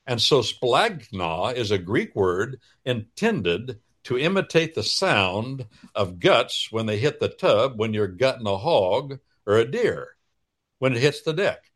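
A man hosting a radio talk show, explaining in a folksy, preacherly way with drawn-out pauses. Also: medium pitch, very animated, a bit bright. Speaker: radio host.

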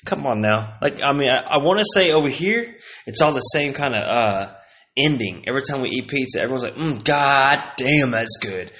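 A young Texan vlogger rants casually and swears constantly, his voice jumping up whenever he gets worked up. His mid-range voice is expressive, a bit bright, and a little fast.

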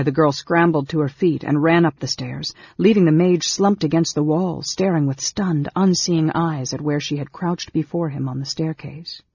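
A man reading a fantasy novel aloud as an audiobook narrator, in a measured, dramatic way. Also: fairly high pitch, husky, no room sound. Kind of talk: scripted narration. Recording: dull lo-fi recording.

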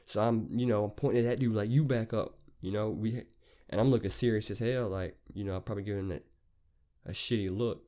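A man's voice: lowish voice, quick pace. A man hosting a podcast, telling a long story in a rambling, profane, casual way. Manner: rambling, profane, animated retelling. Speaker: podcast host.

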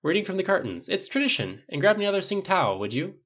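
A man's voice: high voice, sing-song, fast, fairly bright tone, dull audio, voice pushed up, full character voice. A man voicing a cocky, quippy billionaire superhero in an audiobook, speaking in teasing banter.

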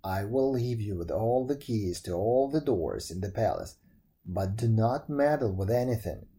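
A man voicing a deep-voiced river giant who speaks slowly and solemnly, in a storybook reading. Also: expressive, mellow. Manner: slow, solemn pronouncements.

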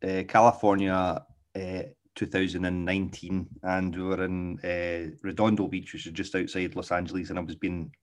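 Middle-aged Glaswegian man with a low voice, easygoing rambling delivery, a dog trainer. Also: little pitch movement, normal speed. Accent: Glaswegian Scottish. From Scotland. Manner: rambling, often checks in with "okay?". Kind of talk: casual spoken monologue.

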